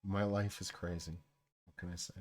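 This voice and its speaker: A man's voice: deep voice, level tone, normal speed. A young man chatting casually on a live stream, telling a rambling story full of swearing and asides to his chat.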